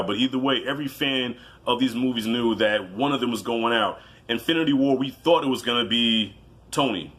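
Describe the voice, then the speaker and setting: A man giving a casual, animated movie review, telling it like a story, swearing freely and acting out his own reactions. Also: medium pitch.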